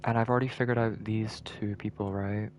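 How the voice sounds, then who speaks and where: A man's voice: fairly low pitch, little pitch movement, a little fast, a little mellow, a little hiss or hum. A male streamer giving casual gameplay commentary, thinking aloud and repeating words as he works things out.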